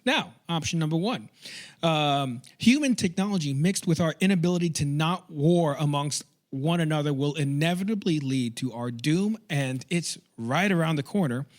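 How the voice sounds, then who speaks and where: A man's voice: on the high side, normal speed. A man hosting a live comedy podcast, reading out news notes in a listing way and breaking into laughing asides. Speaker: podcast host.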